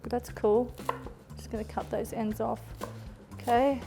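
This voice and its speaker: Aussie lady chef chatting away while she cooks, bit higher voice, music and sizzling behind her. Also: little pitch movement, measured pace, creaky. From Australia. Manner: chatty and gushing, exclaiming over the food. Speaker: cooking show host, chef. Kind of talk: casual cooking demonstration. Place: kitchen, cooking at the stove. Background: music and sizzling food.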